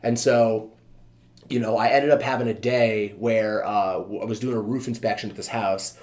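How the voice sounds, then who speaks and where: A man's voice: lowish voice, steady tone, moderate pace, a little mellow. A man in his thirties, a fitness trainer and podcast guest, telling his own story in a candid, casual way, full of fillers and easy swearing.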